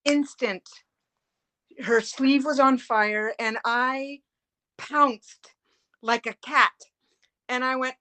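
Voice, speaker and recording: A middle-aged woman with a bright, forceful voice, pitched a little high, recounts her caregiving experience. She talks earnestly and vividly, with plenty of "uh" and "you know" as she goes. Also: takes it slowly. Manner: earnest, animated retelling with fillers. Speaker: family caregiver, guest. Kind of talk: emotional personal storytelling.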